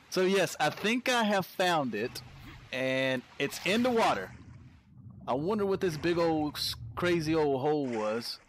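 A man doing casual let's-play commentary, his voice sitting a little high and bouncing all over the place. He takes his time with his words, talking straight to his viewers, and yelps and laughs when something startles him. A faint hum sits under the recording. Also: animated, unhurried. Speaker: gameplay commentator.

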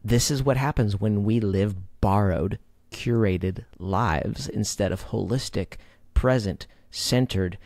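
A low-pitched male podcast host who affirms his guest and then sums up the guest's points in lofty words. His voice sounds dry and close, with no room around it. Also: slow, darkish tone, dry recording. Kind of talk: reflective interview questions.

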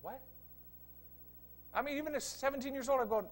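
High-voiced, fiery preacher man. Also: a little fast. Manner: emphatic, swings from quiet asides to loud preaching. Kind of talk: revival sermon.

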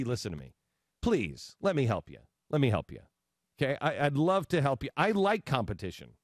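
A man hosting a talk show, speaking in a sarcastic, animated way into a studio mic. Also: medium pitch, no room sound. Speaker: host. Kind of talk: talk radio commentary.

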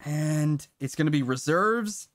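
Male streamer, casual live commentary, excitable with some swearing, high-ish animated voice. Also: unhurried, slight background noise. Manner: excitable, swears, chats to viewers. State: briefly out of breath. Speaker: game streamer.

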